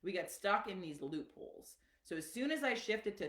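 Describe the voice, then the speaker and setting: A woman's voice: mid-range voice, normal speed, few pauses. Chatty woman coach, echoey room. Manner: chatty and animated, with many fillers and asides. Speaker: wellness coach hosting a live stream. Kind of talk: casual live-stream teaching.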